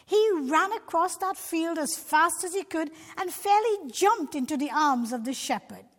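A woman's voice: very high voice, lively intonation, measured pace, a bit bright. A woman narrating a Christian children's story expressively, talking directly to young listeners. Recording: long reverb.

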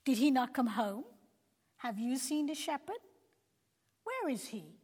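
A woman's voice: high-pitched, big pitch swings, unhurried, darkish tone, slightly rough, exaggerated voice. A woman voicing worried villagers who ask anxiously after a missing shepherd, in a storybook reading. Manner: anxious questioning. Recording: long hall reverb.

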